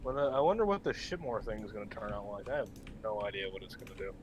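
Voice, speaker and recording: A man's voice: fairly low pitch, quick pace, slight background noise. A young man chatting casually with friends, joking and using crude banter. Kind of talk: casual chat among friends.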